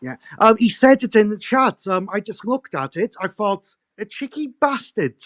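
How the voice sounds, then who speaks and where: A man joins a live stream as a guest, talking in a halting, aggrieved way full of fillers. His voice comes across dry and close. It has a lively, wide-ranging pitch. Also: no echo. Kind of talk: casual live chat.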